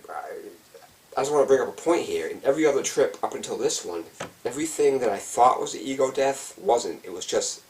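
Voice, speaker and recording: A man's voice: medium pitch, far from the mic, poor audio. A man telling a personal story in a casual, intense, heavily profane way, acting out his own frantic thoughts. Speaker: vlogger. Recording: voice set back from the mic.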